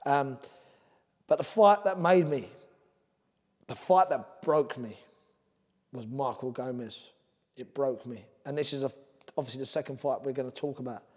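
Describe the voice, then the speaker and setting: A man's voice: medium pitch, normal speed, long pauses, darkish tone, slightly rough, big-room sound. A middle-aged man with a London Cockney accent, a former boxer telling his story as a podcast guest, earnest and drifting from topic to topic. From Ireland. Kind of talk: candid podcast interview.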